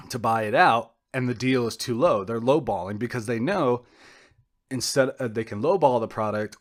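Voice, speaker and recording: A young man co-hosting a podcast, talking in a rambling, digressive way, poking fun at himself, restarting sentences and losing his thread. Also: mid-range voice. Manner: digressive, self-deprecating, frequent restarts and trailing off. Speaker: podcast co-host. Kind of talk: rambling casual monologue.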